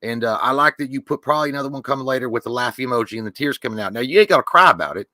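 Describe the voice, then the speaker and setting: A man's voice: medium pitch, animated, very fast, sharp tone, no room sound. A man with a Southern US accent co-hosting a live movie show, talking in crude, rowdy, profane banter.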